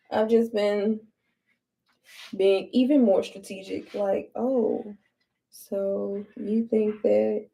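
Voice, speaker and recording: A young adult woman tells an animated, profane storytime while she gets ready. Her voice sits on the higher side, and she is blunt and unfiltered. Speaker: vlogger. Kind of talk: casual storytime while doing hair.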